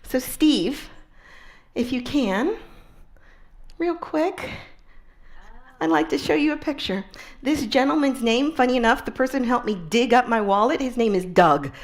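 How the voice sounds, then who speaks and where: A woman public speaker telling an inspirational story, expressive and often dropping to a soft, hushed tone. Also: fairly high pitch, unhurried, long pauses.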